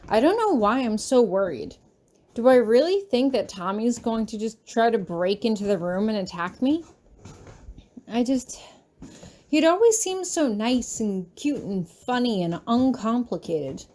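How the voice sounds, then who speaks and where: A woman reading her fan fiction aloud in the first person, soft and anxious in tone. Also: medium pitch. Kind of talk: first-person audiobook narration.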